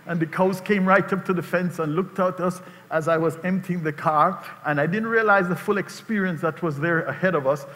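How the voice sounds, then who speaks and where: A man preaching a sermon as pastor, emphatic and rising to shouted call-and-response, in a church sanctuary. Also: high-pitched, normal speed, few pauses. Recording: long reverb of a large hall.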